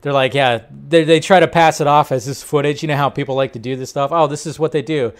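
A man hosting a casual entertainment news talk, animated and rambling, laughing often. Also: on the high side, fast talker. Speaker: host.

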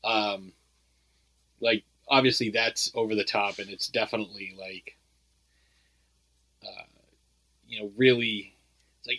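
Bright-voiced man rambling about movies. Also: fairly low pitch, steady tone, a little slow, pauses often, dry recording, low-quality recording. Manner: rambling, lots of "like" and "you know" fillers. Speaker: podcast co-host. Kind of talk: casual movie review chat.

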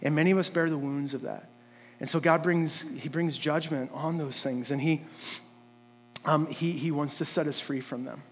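A man's voice: a little high, fairly even intonation, normal speed, in a large hall, a little hiss or hum. A man preaching a sermon in a church, talking conversationally with many fillers and restarts, and building up to emphatic points. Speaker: pastor. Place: church sanctuary.

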